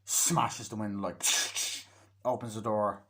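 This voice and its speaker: A man's voice: lowish voice, moderate pace. A man giving a casual, rambling film review, swearing freely and acting out scenes as he retells them. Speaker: movie reviewer.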